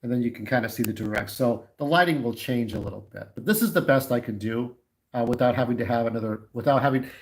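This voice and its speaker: A man's voice: mid-range voice, low-quality recording. Candid middle-aged man livestreaming. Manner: candid, opinionated, talks straight to viewers. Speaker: YouTube livestreamer. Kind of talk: casual livestream chat.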